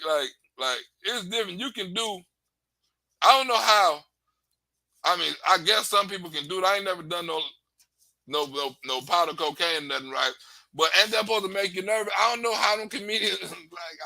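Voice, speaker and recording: A man's voice: high voice, normal speed, creaky, pushed and bright, no echo. A man telling loose, rambling comic stories in a casual stand-up manner, often laughing and acting out the voices of the people he quotes. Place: Hollywood.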